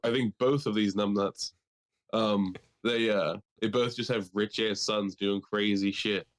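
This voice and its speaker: A man's voice: lowish voice, fairly even intonation, measured pace. A young man from Delaware co-hosting a podcast, swearing freely and joking in a loose, rambling way. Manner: loose, profane and joking, slips into mocking impressions. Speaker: podcast co-host. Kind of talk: casual chat.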